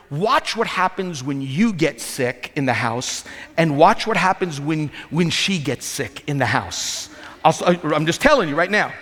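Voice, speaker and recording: A middle-aged male pastor preaching a sermon with animated, self-deprecating humor and frequent restarts. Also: sits high. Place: large church sanctuary. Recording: reverberant church hall.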